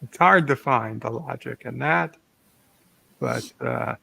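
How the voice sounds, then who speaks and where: A tired, sleepy man chatting casually on a morning show, speaking haltingly with many pauses. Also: medium pitch, creaky, bright, forceful tone, breathy edge, no room sound.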